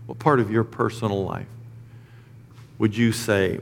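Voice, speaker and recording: A man's voice: on the low side, unhurried, creaky, long pauses, in a large hall. A middle-aged man preaching a sermon in a church, earnest and emotional, talking conversationally with acted asides. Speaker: pastor. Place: church sanctuary.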